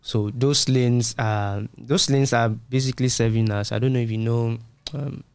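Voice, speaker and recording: Co-hosting a tech podcast, this man lays out his points in a relaxed, conversational manner, leaning on comparisons from daily life. He has a medium-pitched, clean voice with fairly even intonation and a normal pace, and there's no room sound.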